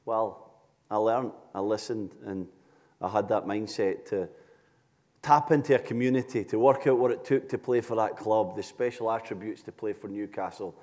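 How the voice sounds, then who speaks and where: A man's voice: fairly low pitch, normal speed, darkish tone. A man in his thirties with an English accent, a former soccer player speaking on stage in a reflective way. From England. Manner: reflective, with small restarts. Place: large hall on stage. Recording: reverberant hall.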